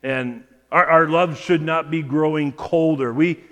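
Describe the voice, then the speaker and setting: A pastor preaching a sermon in a measured way, often repeating words as he restarts a phrase. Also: on the high side, steady tone, fairly bright tone, big-room sound, muffled recording. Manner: measured preaching with frequent word repetitions and restarts. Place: church sanctuary.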